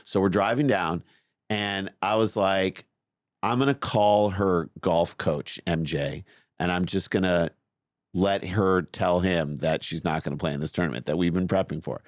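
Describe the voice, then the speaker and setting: A middle-aged man co-hosting a podcast, telling a long story in a lively, self-mocking way. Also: low-pitched, measured pace, no room sound, studio quality. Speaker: podcast co-host. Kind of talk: casual chat, storytelling.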